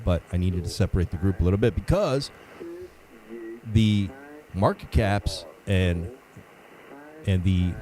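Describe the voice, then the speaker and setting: A man's voice: low-pitched, warm tone, low-quality recording. A man hosting a casual livestream, greeting viewers by name in a laid-back way, a little under the weather and sniffling. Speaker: livestream host.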